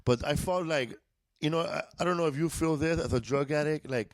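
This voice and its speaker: Slightly high-voiced and brisk, this comedian from East Los Angeles, USA, trades loose, laughing, profane stories in a casual podcast-studio chat indoors. No room sound is audible.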